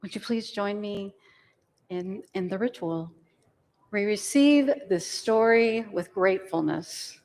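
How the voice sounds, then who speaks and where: A woman hosting a program, introducing speakers in a slow, measured and solemn way. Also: mid-range voice, darkish tone. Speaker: program host. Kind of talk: formal introduction. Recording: reverberant hall.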